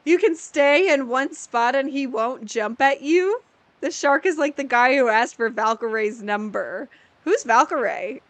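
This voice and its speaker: A woman's voice: high voice, lively intonation, measured pace, dry recording. A woman in her thirties streaming a video game, chatting casually with viewers and playfully exasperated. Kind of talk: casual gameplay chat with viewers.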